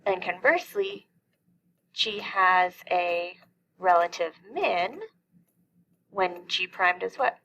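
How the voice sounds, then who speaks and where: A woman's voice: lowish voice, slow pace, long pauses, a bit bright, slight background noise, poor audio. A middle-aged woman teaching a calculus lesson, explaining each step and asking questions that she then answers herself. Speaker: math teacher.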